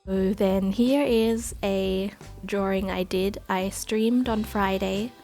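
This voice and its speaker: Woman vlogger, mid-pitched, rambling casual unboxing narration, cheap home mic. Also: steady tone, takes it slowly, vocal fry, darkish tone, soft background music. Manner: chatty, rambling, lots of "like" and "uh". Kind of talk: casual voice-over for an unboxing video. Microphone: not very good home microphone.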